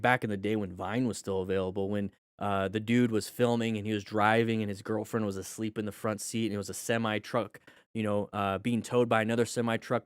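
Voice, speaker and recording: A man's voice: fairly low pitch, clear, resonant tone, no echo, studio quality. A man hosting a casual livestream, commenting on riding videos as a motorcycle instructor, joking and teaching in a loose conversational way with lots of fillers.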